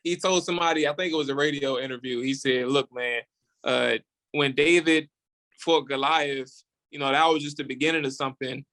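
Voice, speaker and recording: Animated male sports podcaster. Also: a little high, brisk. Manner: animated and opinionated, repeats words while building a point. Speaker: podcast host, guest on the show. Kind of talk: casual sports radio talk.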